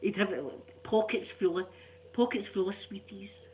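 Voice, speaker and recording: A woman's voice: medium pitch, moderate pace, darkish tone, slight background noise. Scottish woman, middle-aged, rambling casual chat, self-mocking, middle-range voice. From Scotland. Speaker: ASMR channel host.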